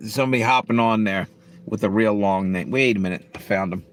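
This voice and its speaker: A man's voice: lowish voice, a little fast. A middle-aged man live-streaming, chatting casually with viewers in a blunt, profane, rambling way. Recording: faint background noise.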